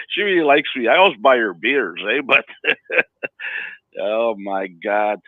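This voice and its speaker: A man's voice: medium pitch, animated, slow pace, dry recording. A man telling rambling stories in a casual chat as co-host, often stammering and laughing. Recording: dry, phone-like line.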